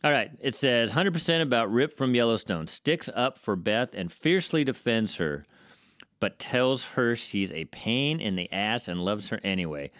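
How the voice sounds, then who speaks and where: A man's voice: mid-range voice, expressive, moderate pace, a bit bright, dry recording, studio quality. A man from Southern California co-hosting a casual reaction show, playful and teasing as he reads comments. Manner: playful, teasing, laughs often. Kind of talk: casual chat, reading comments aloud.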